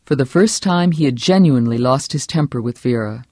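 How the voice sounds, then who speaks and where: An audiobook narrator reading a novel with steady, measured storytelling. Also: mid-range voice, no echo, clean studio sound. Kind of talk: scripted narration.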